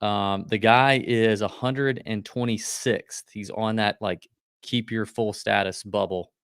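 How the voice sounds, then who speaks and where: A man co-hosting a golf betting podcast, talking in a quick, loose, joking way. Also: fairly low pitch, steady tone, fairly bright tone, clear, resonant tone, no room sound, clean studio sound. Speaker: podcast co-host. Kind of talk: casual golf betting chat.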